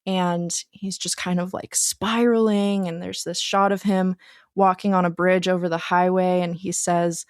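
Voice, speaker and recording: A young woman with a lowish, dry voice co-hosts a relaxed film podcast. She retells her favorite movie moments with animated enthusiasm. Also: a little slow, clear, resonant tone, no echo. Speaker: podcast co-host. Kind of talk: casual film discussion.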